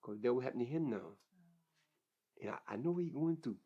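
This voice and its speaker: A man's voice: medium pitch, animated, a little fast. An older man telling his life story in an interview, plain-spoken and vivid, often repeating words as he goes. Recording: dull lo-fi recording.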